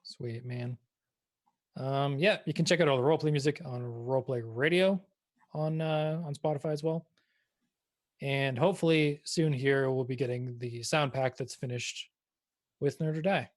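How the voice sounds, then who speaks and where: A man's voice: medium pitch, normal speed. A man playing in a tabletop game, chatting casually and rambling with lots of fillers. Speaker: player and composer. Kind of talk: casual chat.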